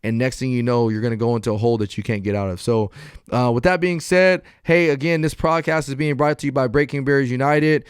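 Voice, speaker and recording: Smooth-voiced man hosting a podcast. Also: medium pitch, steady tone, fast, no room sound, clean studio sound. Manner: earnest, motivational, conversational. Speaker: podcast host. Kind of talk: casual podcast chat.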